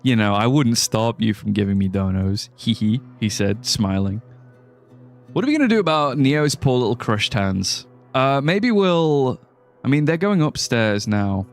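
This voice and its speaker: Guy streaming a game, rambly and jokey, laughs a lot, voice bouncing up and down, quiet music behind. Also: medium pitch, lively intonation, a little slow. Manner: rambling, joking, often laughing. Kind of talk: casual live-stream chat over gameplay. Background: faint music.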